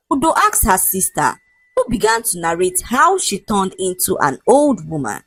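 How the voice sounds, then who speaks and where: Breathy woman narrating a folk tale. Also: normal speed, dry recording, faint music behind, low-quality recording. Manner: expressive storytelling with wide pitch swings. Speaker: storyteller.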